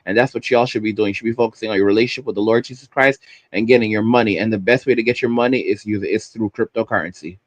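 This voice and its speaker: A man's voice: fairly low pitch, steady tone, fast talker, hardly any pauses, no echo. A man hosting a livestream, ranting heatedly and repeating himself as he stumbles over words. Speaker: livestream host.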